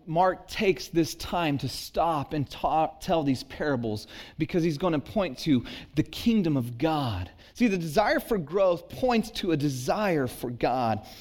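A man in his thirties delivers a sermon in a conversational, earnest tone. His voice sits a bit high for a man, and he climbs into emphatic peaks on the key lines. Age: 30s. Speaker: pastor.

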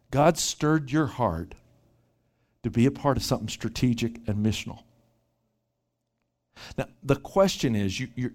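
Animated man preaching with vivid stories. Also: a little high. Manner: animated, repeats words when starting sentences. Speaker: pastor. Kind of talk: sermon with storytelling.

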